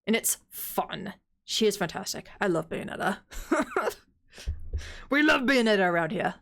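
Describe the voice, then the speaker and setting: A woman's voice: mid-range voice, animated, a little slow, gravelly, a bit bright. A young woman streaming a game, chatting casually in a rambling, giggly way with lots of fillers. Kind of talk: casual gaming commentary.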